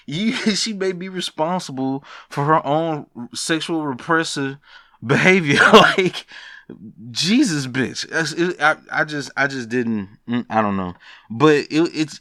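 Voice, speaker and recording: A young man hosting a casual podcast, ranting about games with profanity, laughing asides and big animated swings. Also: mid-range voice, no echo, studio quality. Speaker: podcast host. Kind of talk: casual gaming news rant.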